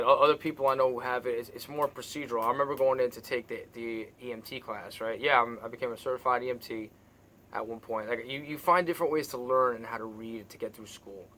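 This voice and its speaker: A man recounts his own experiences in a loose, rambling monologue, circling back with restarts and fillers. His tone is bright and tense, and he swears bluntly without holding back. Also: medium pitch. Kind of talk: personal monologue.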